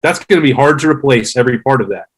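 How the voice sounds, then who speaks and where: Man, 30s, podcast guest, measured, analytical, casual sports chat. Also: medium pitch, lively intonation, breathy edge, low-quality recording. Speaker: podcast guest, former player.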